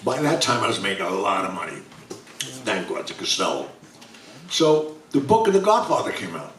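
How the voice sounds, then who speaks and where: A man's voice: low-pitched, very animated, fairly quick, fairly bright tone. An older man, a chatty storyteller acting out the dialogue for a live audience at a bookstore event. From New York. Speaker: author guest speaker. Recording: roomy sound from a distant mic.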